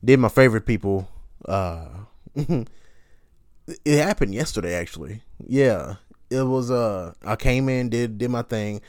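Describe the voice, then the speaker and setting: A man's voice: mid-range voice, expressive, a little slow, darkish tone, dry recording, studio quality. A man hosting a podcast, rambling casually and profanely about his job, griping with frequent laughs and mocking voices. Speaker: podcast host.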